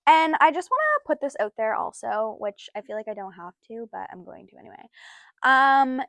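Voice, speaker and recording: A young woman co-hosting a casual podcast, animated, laughing often and swearing freely. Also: a little high, normal speed, no room sound. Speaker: podcast co-host. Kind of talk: casual chat.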